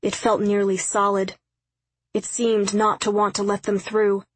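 A woman narrating an audiobook in a steady, measured reading. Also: mid-range voice, breathy edge, no echo, poor audio. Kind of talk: scripted narration.

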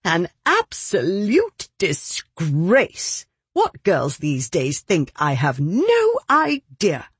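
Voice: medium pitch, wildly swooping pitch, extremely slow, hardly any pauses, husky, no echo, full character voice. An audiobook reader voicing a haughty, indignant older noblewoman who scolds with scorn. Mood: scornful. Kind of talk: audiobook character reading.

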